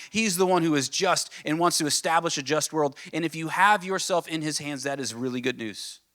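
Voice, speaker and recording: A man preaching a sermon as pastor, earnest, asking the listeners questions and dropping to a soft, low voice on key points. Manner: earnest, builds with rising questions then drops soft.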